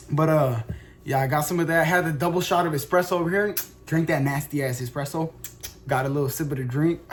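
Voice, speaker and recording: Young guy streamer rambling on, slangy n sweary, kinda high voice, yells out of nowhere. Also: slight background noise. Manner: animated, rambling, slangy, swears a lot, bursts into loud shouts and laughs. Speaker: streamer telling a story. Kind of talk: casual storytelling monologue.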